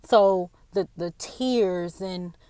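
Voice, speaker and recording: A woman giving a personal devotional talk, earnest and halting, often repeating her words, tearful after a day of crying. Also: on the low side, mellow, clear, resonant tone, no room sound, clean studio sound. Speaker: faith speaker.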